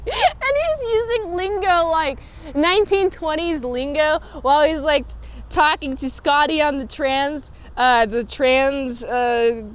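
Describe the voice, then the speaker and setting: A woman's voice: high voice, slow pace. A woman host chatting casually through a TV episode review, giggly and full of fillers.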